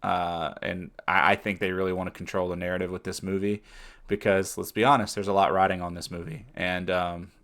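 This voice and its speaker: A man co-hosts a relaxed podcast conversation. His voice sits very low, and he talks in an even, unhurried way. He keeps reaching for ums and uhs as he thinks aloud. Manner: measured, with many fillers. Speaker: podcast co-host. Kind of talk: casual chat.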